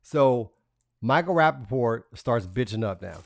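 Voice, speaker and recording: A man's voice: mid-range voice, animated, a little slow, creaky. A man hosting a live stream, talking casually and reading messages aloud in a profane, mocking way, laughing between lines. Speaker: livestream host.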